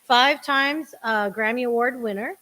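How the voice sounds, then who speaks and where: A woman who co-hosts and produces a podcast chats casually, laughing and rambling with fillers as she shares one microphone. Her voice is on the high side, pushed and bright, at a measured pace.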